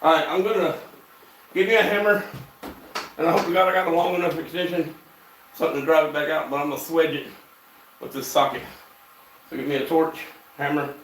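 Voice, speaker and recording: A man's voice: fairly high pitch, steady tone, a little fast, pauses often, fairly bright tone. A man hosting a casual livestream from his home workshop, talking in a folksy drawl with plenty of fillers. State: out of breath. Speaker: shop host. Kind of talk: casual shop-talk livestream. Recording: echoey shop with faint noise.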